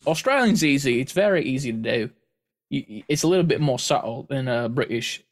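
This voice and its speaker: Male co-host, mid-pitched voice, excitable gamer chatter, playful with accents. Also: a little fast. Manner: animated, slips into silly accents. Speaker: podcast co-host. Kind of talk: casual chat.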